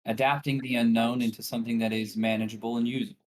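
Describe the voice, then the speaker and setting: A man's voice: medium pitch, level tone, fast talker, a little mellow. A man playing a tabletop game, speaking in a composed, matter-of-fact way. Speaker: player. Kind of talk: tabletop role-play.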